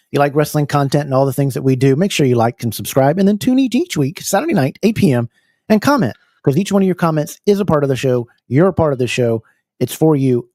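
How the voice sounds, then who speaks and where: An American man hosting a live podcast, energetic and full of fillers, repeating words as he goes. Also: on the high side, no room sound, clean studio sound. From United States. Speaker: podcast host. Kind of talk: casual live podcast chat.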